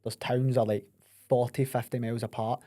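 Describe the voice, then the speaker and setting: A man's voice: medium pitch, level tone, brisk, dark tone, no echo. A man hosting a podcast, telling stories in casual chat with lots of energy and swearing. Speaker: podcast host.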